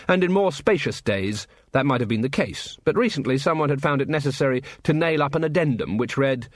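A man's voice: mid-range voice, lively intonation, brisk, hardly any pauses, no echo. Man narrating an audiobook, dry sound. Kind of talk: scripted narration.

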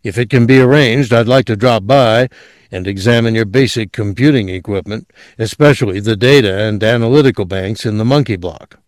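A man's voice: fairly low pitch, brisk, dry recording, studio quality, lightly acted. A man voicing a tense, guarded fugitive ex-police chief in a story reading, speaking curtly. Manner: curt, guarded.

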